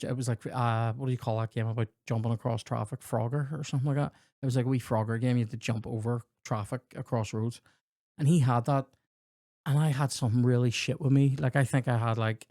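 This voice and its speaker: A man's voice: mid-range voice, darkish tone, no room sound, studio quality. A man, a comedy podcast host telling rambling, sweary childhood anecdotes and acting out the dialogue. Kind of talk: casual storytelling chat.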